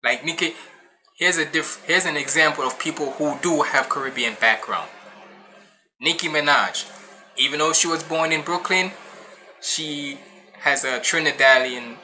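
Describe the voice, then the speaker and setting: Bright-voiced young man reacting casually. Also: fairly high pitch. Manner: loose, slangy, quick to laugh and swear. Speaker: reaction video host.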